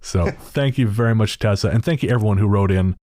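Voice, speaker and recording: A man's voice: on the low side, fairly quick, warm tone, dry recording. A middle-aged man co-hosting a podcast in casual, profane chat, ranting freely. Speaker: podcast co-host.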